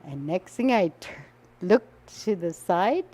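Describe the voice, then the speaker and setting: A woman's voice: on the low side, sing-song, slow pace, warm tone. An older woman from the Northwest Territories of Canada, casually telling a personal story and laughing often as she goes. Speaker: storyteller guest.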